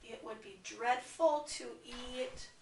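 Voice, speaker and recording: A woman teaching kindergarten, speaking in a slightly raised pitch and a deliberately slow, coaxing way. She is caught by a distant camera mic, so her voice rings around a bare classroom. A faint hiss sits underneath. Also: echoey room. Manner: slow, clear, coaxing teacher talk to small children. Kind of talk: classroom read-aloud lesson.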